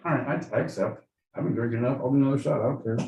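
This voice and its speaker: A man's voice: mid-range voice, very fast, roomy sound, recorded from a distance, highs cut off, noisy background. A man co-hosting a podcast, chatting casually in a rambling way, swearing freely and leaning on fillers. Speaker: podcast co-host. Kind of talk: casual chat.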